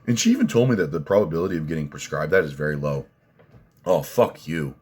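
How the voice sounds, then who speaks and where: A man ranting on a livestream while reading viewer comments, cursing, bursting into loud outrage and then muttering. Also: extremely low pitch, big pitch swings, fast talker, breathy edge. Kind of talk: profane ranting livestream chat.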